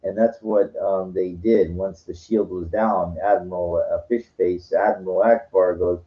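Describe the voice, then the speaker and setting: Rambling, excitable man on a muffled recording. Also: sits low, unhurried. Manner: rambling, stuttering restarts, excitable, swears. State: tired and sugar-hyped. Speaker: channel host. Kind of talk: casual rambling monologue.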